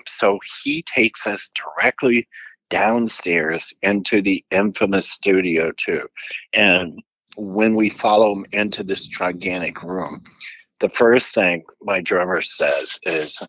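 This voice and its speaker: An older man from St. Louis telling an animated story as a guest in an interview. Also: low-pitched, slow pace, no echo, rough recording. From St. Louis, USA. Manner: animated anecdote-telling with quoted voices. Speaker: musician guest.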